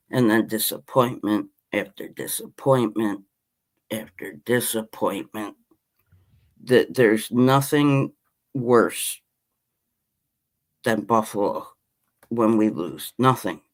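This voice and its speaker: A man's voice: lowish voice, takes it slowly, long pauses. A man, ranting passionately about his team as a podcast host in casual chat. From Western New York. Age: 50s. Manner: impassioned, rambling sports-fan rant.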